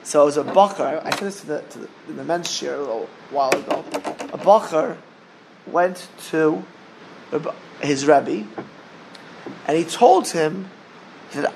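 A man teaching a Torah class, telling a story in a halting way with many repeated words. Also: a little high, lively intonation, vocal fry, darkish tone, a little hiss or hum, low-quality recording.

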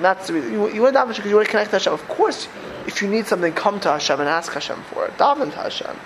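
A man's voice: high-pitched, expressive, quick pace, a bit bright, a little hiss or hum, low-quality recording. An older man giving a conversational Torah class, repeating phrases and asking his listeners rhetorical questions. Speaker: religious teacher.

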